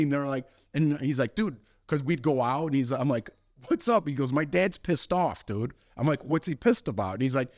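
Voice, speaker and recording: A young man co-hosting a podcast, telling a story with lively acted-out voices and frequent laughs. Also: mid-range voice, dry recording, studio quality. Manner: animated storyteller, acts out voices, laughs often. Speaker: podcast co-host. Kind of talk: casual storytelling chat.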